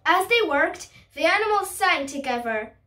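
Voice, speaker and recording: A woman reading a storybook aloud, carefully and haltingly, restarting words as she goes. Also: very high voice, expressive, pushed and bright, far from the mic.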